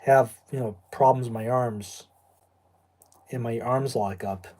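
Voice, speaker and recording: A man's voice: mid-range voice, fairly even intonation, unhurried, a little mellow. Rambling middle-aged New England man. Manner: rambling and digressive, with asides and laughs. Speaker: video host. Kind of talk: casual chat.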